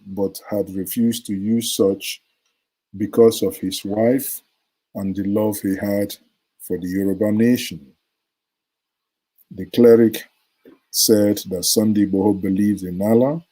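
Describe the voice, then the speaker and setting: A man hosting an online news analysis show, talking through a story with many pauses and fillers. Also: fairly low pitch, flat delivery, dark tone, low-quality recording. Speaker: show host. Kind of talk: solo commentary on news.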